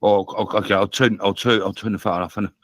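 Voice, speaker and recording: A groggy man with a husky voice on a phone call, confused, rambling, repeating himself and swearing. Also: on the low side, steady tone, brisk, no echo.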